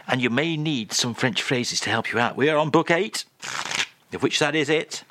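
A man hosting a radio show, chatting in a playful, rambling, jokey way with quick asides. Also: medium pitch, lively intonation, a bit bright. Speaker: radio host. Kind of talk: comic radio banter.

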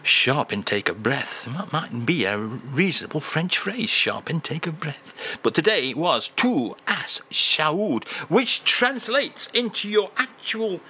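A man hosting a comic radio feature, playful and mock-grand, easily excited. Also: on the high side, a little slow, few pauses, a little hiss or hum. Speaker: radio host.

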